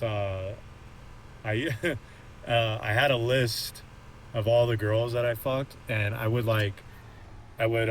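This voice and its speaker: A man's voice: on the low side, fairly bright tone, slight background noise. A young man casually telling a story while playing a game, rambling with lots of filler words and chuckling to himself. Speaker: gaming channel host. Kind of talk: casual storytelling over gameplay.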